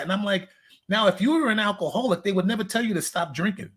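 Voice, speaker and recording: High, husky man as a fitness coach guest, easygoing storyteller who plays out the back-and-forth. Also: fast, a bit bright. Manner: loose, storytelling, acts out conversations. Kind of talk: casual interview chat.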